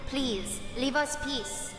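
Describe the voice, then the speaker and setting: A man's voice: very high-pitched, slow, voice pushed up. A man voicing a pleading creature in broken speech with a bad put-on accent. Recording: echoey hall with music.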